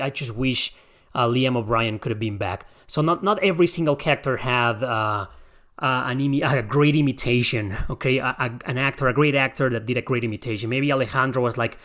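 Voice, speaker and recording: A man's voice: medium pitch, a bit bright. A young man hosting a podcast, talking casually and rambling through his opinions on a game remake, often correcting himself mid-sentence. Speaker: podcast host. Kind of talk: casual game review talk.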